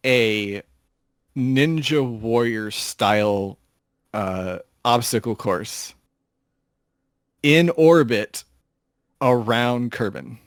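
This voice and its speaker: Brief: male co-host, unhurried and hesitant, dry close mic. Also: medium pitch, no echo. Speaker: co-host, scorekeeper. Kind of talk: casual gaming chat.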